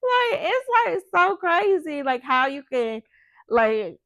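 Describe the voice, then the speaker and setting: A woman co-hosting a podcast in casual chat, animated and quick to laugh. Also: high-pitched, no room sound, studio quality. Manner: animated, laughs often, acts out her phone voice. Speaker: podcast co-host.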